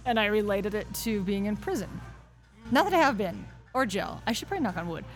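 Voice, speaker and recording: Female co-host, animated and exclamatory, pitch jumps around, light music bed. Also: fairly quick. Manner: animated storyteller, exclamatory, laughs a lot. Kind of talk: casual chat.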